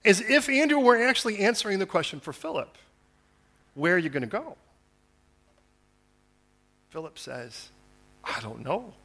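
A man, a pastor, preaching a conversational sermon, acting out the words of biblical figures and moving between quiet asides and loud, fervent appeals. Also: sits high, big pitch swings, moderate pace, pauses often.

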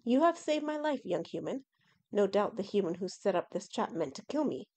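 A woman's voice: mid-range voice, sing-song, normal speed, darkish tone. Proud male dragon, lofty and condescending, old-fashioned talk; woman reader voicing. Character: proud haughty male dragon, scornful of humans.

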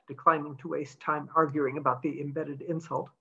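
A woman author reading her own novella aloud in a measured storytelling manner. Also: low-pitched, flat delivery, gravelly, fairly bright tone, breathy edge, highs cut off.

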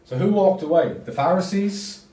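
A man's voice: high voice, expressive, moderate pace, dark tone. A man giving a parish talk as a deacon, speaking emphatically and putting questions to his audience. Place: church. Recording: echoey church from far off.

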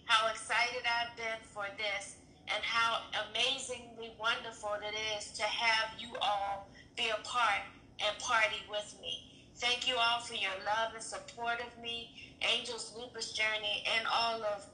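A woman's voice: fairly high pitch, level tone, measured pace, pushed and bright. A middle-aged mother reading her daughter's message aloud, emotional and often laughing. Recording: echoey room with faint noise.

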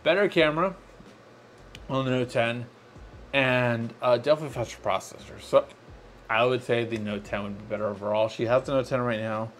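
A man's voice: mid-range voice, fairly quick, fairly bright tone. Tipsy male tech-show host, slurred speech, constant hiccups, mid-range voice, faint background noise. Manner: drunk, slurring words. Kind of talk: live tech show chat.

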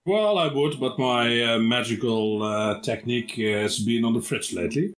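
A man's voice: mid-range voice, moderate pace, a bit bright, lightly acted. A man playing a boastful old archmage. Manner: pompous, self-praising. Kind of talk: tabletop role-play over a video call.

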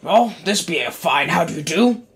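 A man's voice: on the high side, animated, normal speed, a bit bright. A man voicing a grumpy, forgetful old man who complains and blames others. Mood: grumbling. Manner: grumbling, mock-pirate talk.

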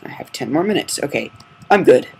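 A man giving casual commentary on his own gameplay, muttering curses under his breath and breaking into loud outbursts. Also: fairly high pitch, expressive, a little fast, gravelly, slight background noise, low-quality recording. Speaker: gamer narrating his gameplay. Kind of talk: casual Let's Play commentary.

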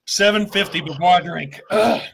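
A man's voice: high voice, moderate pace, creaky, a bit bright, husky. A man on a casual video, groaning, swearing and complaining dramatically through a stuffed-up nose and watering eyes. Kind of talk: casual chat while eating spicy chips on camera.

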